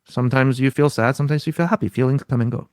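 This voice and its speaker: A man's voice: medium pitch, fast, dry recording. Man explaining to listeners, dry sound. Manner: teaching tone, frequent rhetorical questions. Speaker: podcast guest expert. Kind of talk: explaining in an interview.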